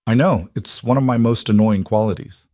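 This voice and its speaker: A teasing but loving big sister urging her brother on, as a man voices her in a storybook. Her lines sit on a low-leaning voice that sounds close and dry. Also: normal speed, no echo, close to an everyday voice. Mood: encouraging. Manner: warm, encouraging and wry. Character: caring, teasing older sister.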